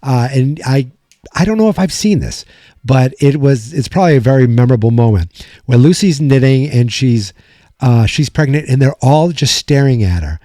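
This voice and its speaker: A young man hosting a podcast, casually recapping a sitcom episode in a rambling, animated way. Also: medium pitch, normal speed, no echo, clean studio sound. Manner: rambling, animated retelling with quoted lines. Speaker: podcast host.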